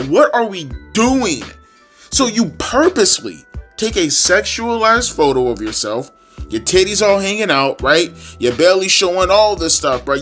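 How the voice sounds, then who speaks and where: A man's voice: sits high, a bit bright. A young man ranting as a YouTube wrestling commentator, profane, repetitive and exasperated.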